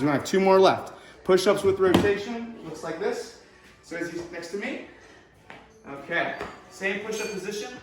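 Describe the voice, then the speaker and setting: A man leading a home workout as a fitness instructor, encouraging and quick with short praise, recorded indoors at home. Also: high voice. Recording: echoey room, far from the mic.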